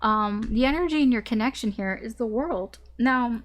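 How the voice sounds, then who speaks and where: A woman's voice: on the high side, normal speed. A woman giving a casual tarot reading straight to the listener, candid and blunt, swearing now and then. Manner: candid and blunt, swears, laughs between points. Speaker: tarot reader.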